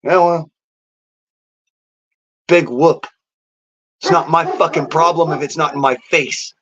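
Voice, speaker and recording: A man's voice: on the high side, steady tone, takes it slowly, a bit bright. A man delivering a defiant, boastful rant to camera, swearing heavily. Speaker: vlogger. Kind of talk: profane angry rant. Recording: dull lo-fi audio.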